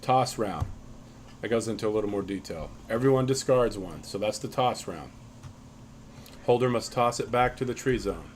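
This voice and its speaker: A man walking through the rules of his card game in a loose, casual tutorial, often restarting sentences and filling pauses with ums. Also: fairly low pitch, lively intonation, a little hiss or hum.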